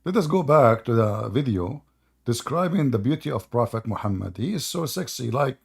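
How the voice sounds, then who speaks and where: Gravelly-voiced man hosting a mocking livestream. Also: medium pitch, expressive, normal speed. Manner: mocking, joking, laughs at his own stories. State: tired voice. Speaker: host. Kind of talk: casual livestream chat.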